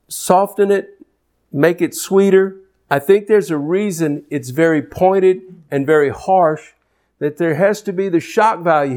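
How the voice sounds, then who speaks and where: A man preaching a sermon, swinging between loud declarations and low, intense asides.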